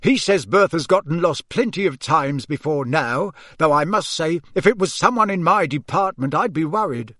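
A man reading an audiobook who voices a kindly, thoughtful middle-aged father speaking in measured tones. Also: fairly high pitch, expressive, a bit bright, no echo, studio quality. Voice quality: measured, frowning.

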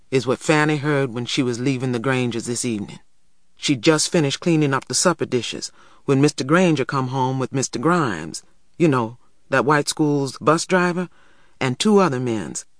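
A man's voice: medium pitch, lively intonation, no room sound, clean studio sound, natural voice. A man reading a storybook, voicing a bitter older Black sharecropper who speaks in a rural Southern dialect. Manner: bitter, slow, plain-spoken.

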